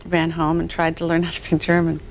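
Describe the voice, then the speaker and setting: A woman's voice: low voice, monotone, a little fast, a little hiss or hum. A woman in her forties, a guest actress on a talk show, telling rambling anecdotes with self-deprecating laughs.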